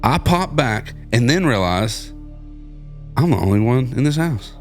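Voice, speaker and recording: A man's voice: mid-range voice, unhurried, faint music behind. A man co-hosting a podcast in casual chat, telling stories and acting out the lines of the people in them. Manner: animated storyteller, acts out quotes. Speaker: podcast co-host.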